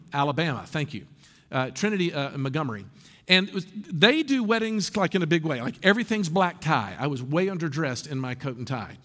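A male preacher delivers a sermon in a church, his voice pitched a bit high and swinging widely as he tells stories and cracks asides. A long hall reverb trails every line. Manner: animated storytelling with humor and asides. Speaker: pastor. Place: church sanctuary.

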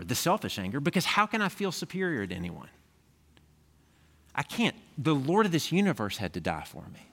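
A man's voice: medium pitch, bright, forceful tone. A man preaching a sermon as pastor, talking to the congregation in a conversational way and often checking in with them. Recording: echoey hall with long reverb.

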